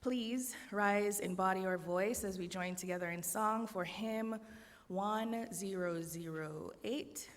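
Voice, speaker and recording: A woman with a Jamaican accent opening a church service as worship leader. She speaks in a measured, reflective way with light asides. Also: mid-range voice. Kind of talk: sermon opening. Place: church sanctuary. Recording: long reverb of a large hall.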